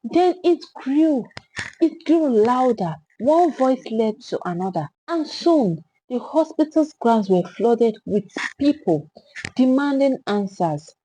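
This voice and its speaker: Dramatic woman storyteller, high voice. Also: big pitch swings, slow pace, dark tone, a little hiss or hum, rough recording. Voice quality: emphatic, dramatic.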